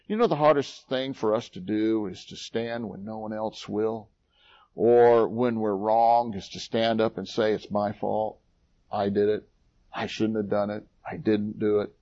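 A man preaching a sermon, reading scripture aloud in a rising, dramatic voice and dropping low and quiet for his own asides. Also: steady tone, a little slow, muffled recording.

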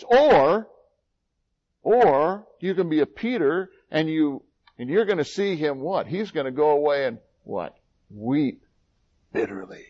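Dramatic preacher man, lively pitch. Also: dull audio. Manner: dramatic, swings between loud scripture reading and low quiet asides. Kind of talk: sermon.

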